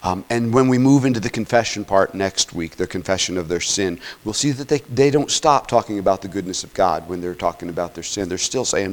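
A man preaching a sermon in an earnest teaching tone, often checking in with "okay?" and swinging between loud emphatic peaks and quiet asides. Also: sits low, expressive, fairly quick, hardly any pauses, low-quality recording. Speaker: pastor.

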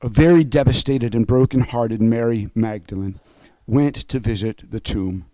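A man's voice: mid-range voice, normal speed, dark tone, no echo, low-quality recording. A man preaching an emotional, fervent sermon over an online call. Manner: emotional and fervent, voice rising and falling.

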